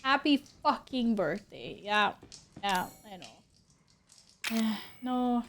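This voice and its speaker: High-voiced woman streamer swearing through gameplay. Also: expressive, slow pace, a bit bright, a little hiss or hum. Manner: reactive, swears and exclaims often. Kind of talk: live gameplay commentary.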